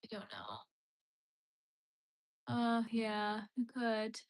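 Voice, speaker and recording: Speaking extremely slowly, with a voice on the high side and big pitch swings, a young Canadian crochet live streamer talks casually with her viewers. She rambles, with lots of "like", while she crochets.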